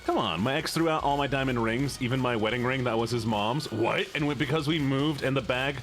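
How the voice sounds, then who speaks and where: This streamer teases his viewers and chats with them playfully while gaming, his medium-pitched voice brisk and fairly bright. Soft music runs in the background.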